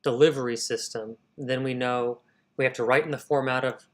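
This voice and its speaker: This is casual livestream talk from a man of medium pitch speaking at normal speed. Hosting a writing session, he's energetic, reasons out loud and refers to viewers as "y'all."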